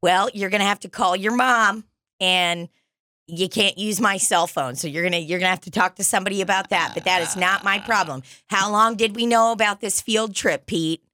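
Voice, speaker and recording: A woman's voice: medium pitch, normal speed, bright, forceful tone, dry recording, studio quality, natural voice. A woman playing a strict, exasperated female school chaperone who scolds a child in an improvised comedy bit. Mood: scolding.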